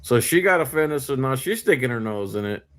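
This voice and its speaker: Lively, joking man in a commentary chat. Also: medium pitch, a little fast. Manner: joking, needling, playful. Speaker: co-host. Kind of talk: casual commentary.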